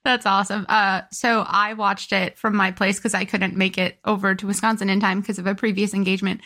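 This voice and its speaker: A woman's voice: medium pitch, flat delivery, brisk, pushed and bright. A woman co-hosting a podcast, chatting casually and speaking to her friend in an encouraging, supportive way. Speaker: podcast co-host. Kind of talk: casual chat.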